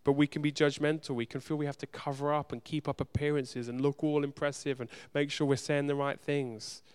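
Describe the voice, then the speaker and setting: Male pastor, smooth resonant voice, earnest sermon delivery, loud urgent swells and hushed low moments. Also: little pitch movement, fairly quick. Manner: earnest, direct address to the congregation.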